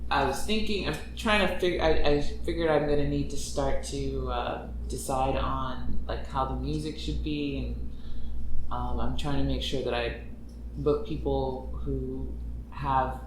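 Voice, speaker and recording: A man's voice: mid-range voice, a little hiss or hum. Chatty man in an echoey room. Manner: animated, chatty, quick asides. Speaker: podcast creator. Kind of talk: casual group chat. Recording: echoey room, far from mic.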